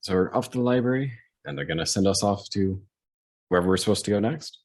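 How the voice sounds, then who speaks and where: A man's voice: on the low side, fast talker, darkish tone. A man playing a tabletop game, asking questions in a hesitant, polite way with many fillers. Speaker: player. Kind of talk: casual game chat.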